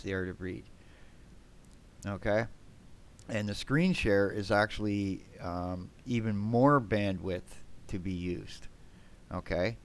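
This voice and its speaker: Male streamer, low and smooth, rambling and blunt with his chat. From Canada. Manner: rambling and blunt, swears, keeps tagging "man" and "right?". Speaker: game streamer.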